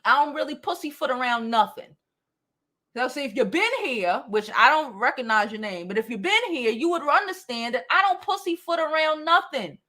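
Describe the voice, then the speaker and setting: A woman's voice: high voice, expressive, normal speed, pushed and bright. A woman in her forties hosting a beauty livestream, reading out comments and replying bluntly and directly, swearing freely. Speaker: beauty channel host.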